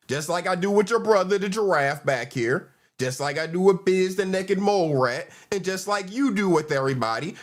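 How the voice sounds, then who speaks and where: A man's voice: sits high, a bit bright. A man in casual panel chat, arguing and repeating his questions.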